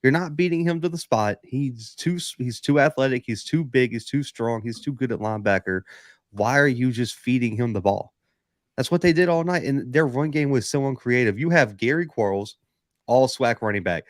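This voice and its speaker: A man's voice: mid-range voice, expressive, moderate pace, no room sound, studio quality. A man co-hosting a sports podcast, making emphatic points about players and play-calling in repeated phrases. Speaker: podcast co-host. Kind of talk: casual sports analysis.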